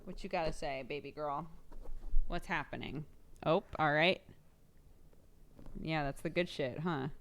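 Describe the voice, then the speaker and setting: A woman's voice: low voice, measured pace, long pauses, a little hiss or hum. A woman streamer chatting casually and using playful baby talk with an infant. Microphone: desk microphone.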